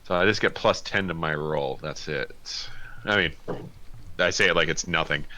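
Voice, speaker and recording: A man's voice: extremely low pitch, moderate pace, sharp tone. A man playing a tabletop game, joking and bantering with the table. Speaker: player.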